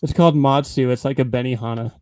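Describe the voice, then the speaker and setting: A man's voice: medium pitch, fairly even intonation, fast, a little mellow, dry recording. A young man chatting casually on a livestream, mostly giving short agreeing replies. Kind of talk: casual chat.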